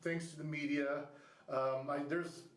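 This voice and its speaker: A man in his thirties hosts a podcast in Ohio, chatting casually with a guest and rambling through lots of restarts and fillers. His voice is a little high, level in tone and a little slow, on a rough, reverberant recording.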